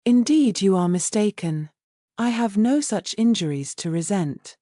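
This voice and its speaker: A woman's voice: medium pitch, animated, unhurried, dark tone, dry recording, clean studio sound, close to an everyday voice. A woman voicing an earnest, sensible young woman in a storybook, pleading her case plainly.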